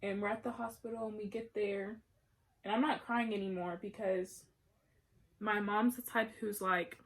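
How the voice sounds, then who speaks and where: A woman's voice: mid-range voice, steady tone, moderate pace, gravelly. Chatty young woman telling a story. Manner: chatty, rambling, many fillers and restarts. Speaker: vlogger. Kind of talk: casual storytelling while getting ready.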